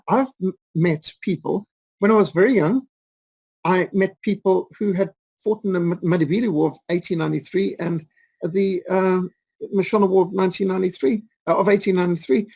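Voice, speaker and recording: Gravelly, high and darkish with a breathy edge, this voice belongs to a fifties-aged man from Rhodesia, Zimbabwe. As an interview guest he rambles through anecdotes, restarting often and leaning on fillers. The low-quality recording has no echo.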